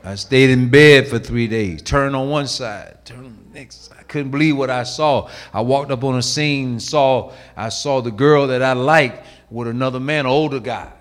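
A middle-aged man preaching a sermon, swinging from shouted lines to hushed asides and acting out quoted voices. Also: mid-range voice, moderate pace, hardly any pauses.

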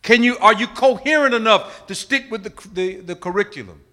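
A middle-aged male pastor preaching a sermon, emphatic, swinging from loud calls to hushed asides. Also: high voice, a little fast.

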